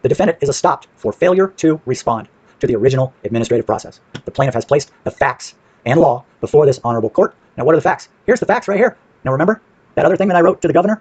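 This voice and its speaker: A man's voice: on the high side, animated, rapid-fire, darkish tone, slightly rough, dry recording, dull audio. A man with a brash, profane manner, casually walking through paperwork on screen and asking and answering his own questions.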